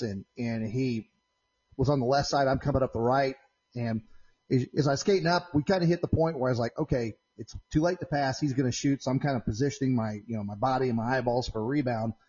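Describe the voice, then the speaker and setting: A man hosting a casual podcast from his home shop, telling long rambling stories that get animated when he replays an argument. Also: medium pitch, husky, dull audio. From Central Indiana. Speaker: podcast host. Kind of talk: casual storytelling chat. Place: home shop with doors open.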